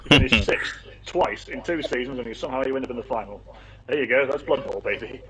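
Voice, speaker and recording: A man co-hosting a casual talk show, talking quickly with swearing and chuckled asides. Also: medium pitch, sharp tone, poor audio. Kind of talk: casual banter about tabletop game league.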